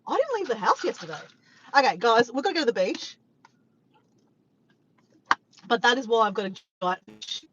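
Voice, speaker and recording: A woman vlogger telling a funny story to her viewers, animated and laughing, swearing freely. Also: fairly high pitch, fast, dull audio, background noise. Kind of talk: casual storytelling to camera.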